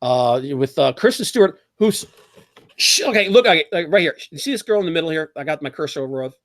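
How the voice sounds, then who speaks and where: A man hosts a casual livestream, talking in an animated, opinionated way and reacting to chat as he goes. His voice sits a little high. The sound is dry and close, with no room in it. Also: fast talker, no room sound. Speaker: podcast host.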